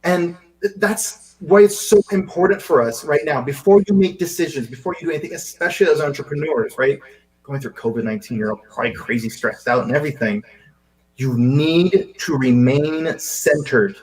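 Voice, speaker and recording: A man who grew up in Seychelles, hosting a casual video chat in an animated way, often stumbling over repeated words. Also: on the high side, normal speed, rough recording. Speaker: host. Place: live video call.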